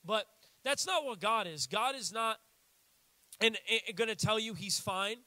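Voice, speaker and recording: A young American man preaching a sermon in a casual, animated way, acting out little quotes as he goes. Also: high voice, measured pace, no room sound. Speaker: pastor.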